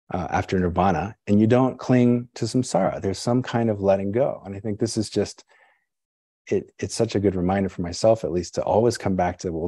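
A man's voice: lowish voice, warm tone, slightly rough, no room sound, clean studio sound. A man, a Zen teacher, giving a conversational dharma talk, musing aloud and often checking in with "right?" and "you know". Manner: conversational, musing, self-questioning.

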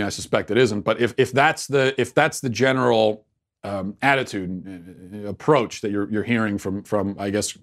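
A man hosting a talk show, giving sarcastic commentary and then answering listener emails casually, with many fillers and restarts. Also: on the low side. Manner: sarcastic, mock-outraged. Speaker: podcast host.

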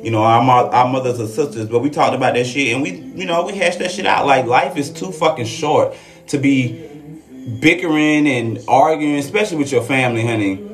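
A woman's voice: a bass voice, brisk. A transgender woman chatting frankly and profanely with viewers on a live stream. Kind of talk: casual live-stream chat. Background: faint classical Christmas music.

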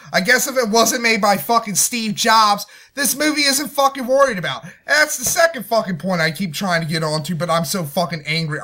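A young man reviewing a movie in an angry, profane rant, swinging from low muttering to shouted outbursts.

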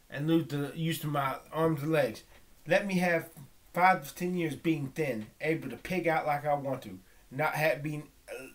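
A man praying aloud in a halting, pleading monologue, often breaking off and restarting, dropping to a hush at times. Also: fairly high pitch. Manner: drops to a hushed whisper at times. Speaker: vlogger. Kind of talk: spoken prayer monologue.

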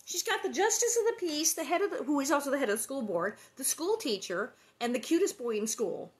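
A woman's voice: high voice, expressive. Chatty, rambling woman host. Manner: chatty and rambling, with many fillers and quick laughs. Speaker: host reading a book aloud online. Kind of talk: casual chat between readings.

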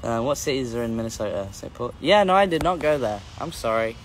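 A man's voice: mid-range voice, animated, fairly quick, slight background noise. A man hosting a casual livestream, reading out viewer comments and answering in a rambling, playful, self-correcting way.

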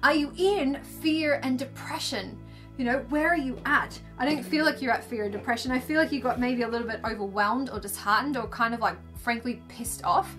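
A woman's voice: a little high, a little fast, fairly bright tone, faint music behind. A woman doing a casual, gushing livestream card reading, chatty and full of fillers. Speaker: tarot and angel card reader. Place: indoors under filming lights.

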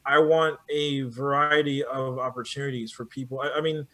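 A man talking in a casual conversation as an animation producer, animated and often restarting his sentences. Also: medium pitch, normal speed. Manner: animated, many restarts and repeated words.

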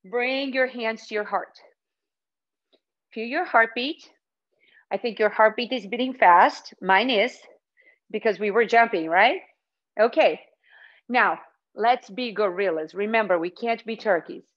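A woman's voice: on the high side, measured pace, pauses often, a bit bright, dull audio. A young woman teaching a children's yoga class in a playful, sing-song way, calling out poses and animal sounds.

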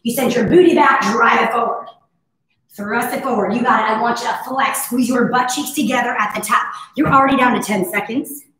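A woman fitness instructor with a hoarse, husky voice, cueing breaths and moves in a casual, encouraging live workout class. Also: a little high, brisk, fairly bright tone. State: hoarse from overuse. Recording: very echoey room.

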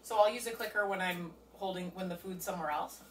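Her voice runs on the low side and she speaks quickly, casually explaining each step of a dog training session while working at home. The recording is roomy and distant, with faint ambience and a noisy background.

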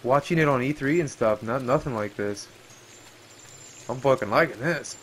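A man giving profane, excitable running commentary while playing a game, often yelping and exclaiming. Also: medium pitch, moderate pace, pauses often, a little hiss or hum. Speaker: gameplay streamer. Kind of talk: let's play commentary.

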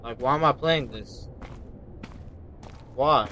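A young man streaming a horror game, talking casually and nervously, repeating himself and yelping high when scared. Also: slow pace, long pauses, bright, forceful tone, a little hiss or hum. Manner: casual slang, says "bro". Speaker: gaming streamer. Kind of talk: horror game let's-play commentary.

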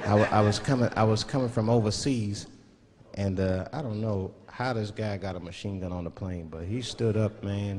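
In a large hall, a fairly low-pitched man delivers a stand-up routine at a moderate pace to a live audience. Animated, he switches into mock voices while telling stories, and the live recording includes crowd and noise.

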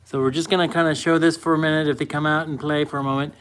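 A man's voice: fairly high pitch, level tone, very fast, fairly bright tone, slight background noise, poor audio. A man in casual chat, giving practical instructions while setting up a puppy pen.

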